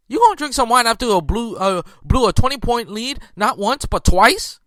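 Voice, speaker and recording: A man's voice: very high-pitched, expressive, fairly quick, few pauses, pushed and bright, no room sound, clean studio sound. A man hosting a casual sports commentary, ranting in a heated way with many restarts and incredulous outbursts. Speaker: sports podcast host.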